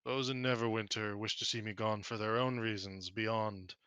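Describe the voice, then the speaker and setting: A huge old dragon drawls in a slow, guttural, condescending way, as a game master puts him on. The voice is fairly low and bright, recorded dry and close. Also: male voice, steady tone, smooth, no echo. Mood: sly menace. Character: huge old male dragon, lazy and menacing.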